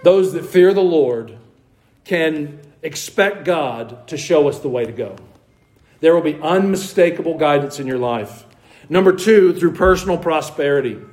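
Man, pastor, conversational sermon, slightly high voice, questions to the congregation, wry humor. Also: animated, a little slow, darkish tone, low-quality recording. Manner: mock voices and wry asides. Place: church sanctuary.

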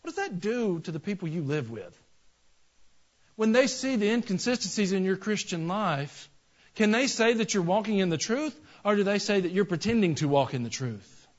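A man's voice: sits high, sing-song, normal speed, dull audio. A male pastor preaching a sermon in a folksy, conversational way that builds into emphatic passages.

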